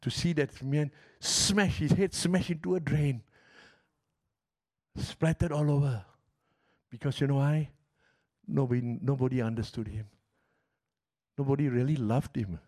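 A middle-aged man preaching a sermon as pastor, telling stories passionately and swinging from loud outbursts to hushed, quiet lines. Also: mid-range voice.

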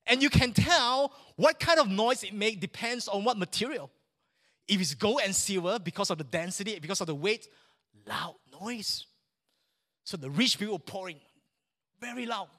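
A man preaching a sermon in church, animated and joking with the congregation. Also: high-pitched, normal speed. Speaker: pastor.

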